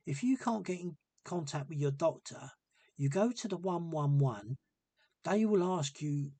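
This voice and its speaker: Man, husky voice, dry close sound, rambling and repetitive, earnest storytelling. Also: on the high side, a little mellow, no echo. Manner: rambling, repeats himself, earnest. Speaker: vlogger telling a personal story. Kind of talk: casual storytelling monologue.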